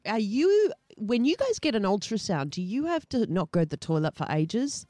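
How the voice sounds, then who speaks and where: Female radio co-host, quick teasing interjections; dry studio sound. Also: mid-range voice, sing-song, warm tone, no room sound. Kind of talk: casual radio banter.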